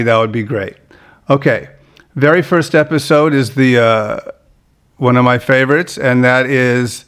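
Podcast host guy, mid-pitch voice, rambly chat full of uhs and restarts. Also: a bit bright, clean tone. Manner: chatty, halting with many fillers and restarts. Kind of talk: casual interview chat.

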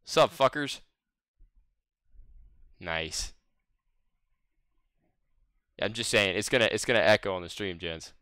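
A man's voice: lowish voice, lively intonation, takes it slowly, pauses often, pushed and bright, clean tone, dry recording, studio quality. A man in his twenties with a Southern American accent, streaming and chatting casually with friends, rambling, swearing and laughing often. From Southern United States. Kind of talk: casual gaming voice chat.

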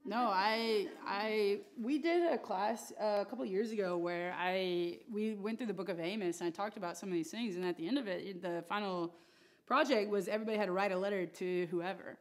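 A woman's voice: medium pitch, a little fast. Woman Bible class teacher, chatty and playful, easy mid-range voice. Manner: chatty and playful, acts out biblical voices with laughs. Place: church classroom.

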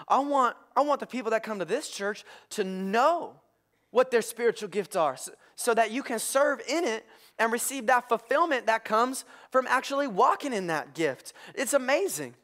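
A male pastor preaching a sermon, excitable and prone to shouting with enthusiasm. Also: very high-pitched, normal speed. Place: church.

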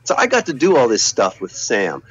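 An older man, a former business executive, recalling his career in a relaxed interview, full of anecdotes, repeated words and restarts. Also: mid-range voice, normal speed, husky, dull audio. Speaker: guest, former video game executive.

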